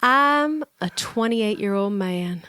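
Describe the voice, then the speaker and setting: Woman putting on a Southern US drawl, slow drawn-out reading, dry close sound. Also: mid-range voice, animated, sharp tone, smooth, dry recording. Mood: earnest drawl. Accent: put-on Southern US drawl.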